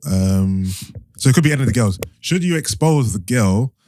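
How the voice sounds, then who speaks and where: A young man co-hosting a podcast, talking things through in a measured way with hedges and fillers. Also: mid-range voice, lively intonation, darkish tone, dry recording, studio quality. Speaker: podcast co-host. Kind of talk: casual chat.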